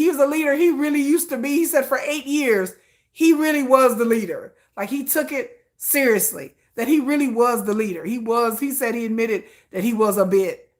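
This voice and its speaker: A woman hosting a casual pop-music commentary show, talking in a gushing, excitable way with frequent restarts. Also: fairly high pitch. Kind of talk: casual chat.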